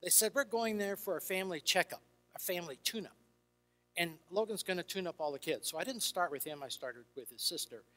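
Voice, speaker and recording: Bright-voiced older man telling stories in a hall. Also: sits high, brisk. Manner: animated, acts out dialogue in shifting voices. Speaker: Christian counselor and speaker. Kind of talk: storytelling talk to an audience. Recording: reverberant hall with faint music.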